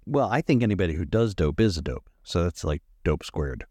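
A man with a lowish voice tosses out quick wisecracks and laughs easily in loose podcast banter. His talk is relaxed and playful. The sound is dry and close to the mic. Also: no echo. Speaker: podcast co-host. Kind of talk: casual comedic banter.

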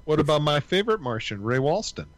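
A man's voice: a little high, sing-song, quick pace, no room sound. A man in his sixties co-hosting a casual chat, joking and laughing as he talks. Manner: joking, laughs mid-sentence. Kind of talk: casual banter.

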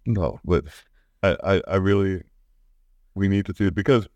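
A man's voice: low voice, normal speed, darkish tone, no echo, lo-fi sound. A man chatting casually as a podcast co-host, often stumbling and repeating his words. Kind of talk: casual chat.

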